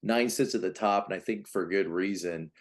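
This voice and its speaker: A man being interviewed as a personality coach, explaining in a conversational way, often restarting and now and then acting out quoted voices. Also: normal speed. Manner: animated, acts out voices of types with big pitch jumps; many restarts and repeated words. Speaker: Enneagram coach, guest.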